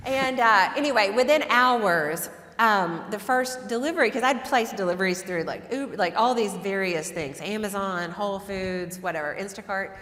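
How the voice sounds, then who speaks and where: A woman telling a personal story in a relaxed, self-deprecating lecture style, laughing often. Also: medium pitch, normal speed. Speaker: guest lecturer and author. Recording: echoey hall reverb.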